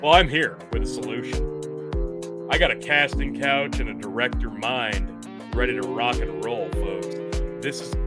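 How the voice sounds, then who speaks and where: A man's voice: medium pitch, moderate pace. A man co-hosting a comedic podcast, reading listener comments and building up a segment in a mock-dramatic showman style. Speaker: podcast co-host. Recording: loud guitar music underneath.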